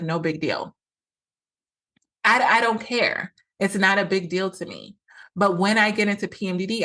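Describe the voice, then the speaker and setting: A woman hosting her own podcast in an earnest, coaching tone. Her voice sits in a middling pitch, and she repeats key phrases for emphasis. Now and then she slips into quoted lines as she talks through her points. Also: fairly bright tone. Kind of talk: solo podcast monologue.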